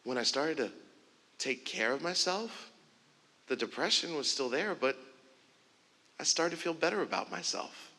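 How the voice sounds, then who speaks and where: A man speaks from a conference stage, telling an animated story and slipping into the voices of the people in it. His tone is bright and forceful, and a long reverb from the big hall trails after each phrase. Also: on the high side, unhurried, long pauses. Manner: animated storytelling, acts out dialogue. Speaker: keynote speaker. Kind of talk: storytelling keynote speech.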